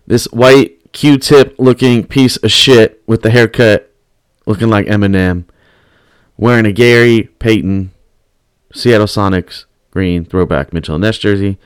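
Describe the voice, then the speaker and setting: A man's voice: on the low side, measured pace, clear, resonant tone, no echo. A man hosting a podcast, telling a story in profane, rambling casual chat. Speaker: podcast host.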